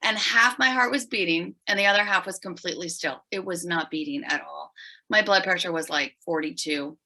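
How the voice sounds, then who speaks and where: A middle-aged woman, a podcast guest, telling her story in an animated, emphatic way. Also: lowish voice, fairly quick, a little hiss or hum, poor audio. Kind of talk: storytelling in an interview.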